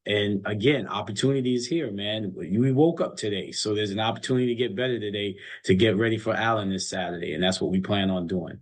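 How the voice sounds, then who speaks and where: A man's voice: fairly low pitch, a little fast, hardly any pauses. A man coaching college basketball, chatting casually and telling earnest stories, often repeating his words. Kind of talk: casual chat.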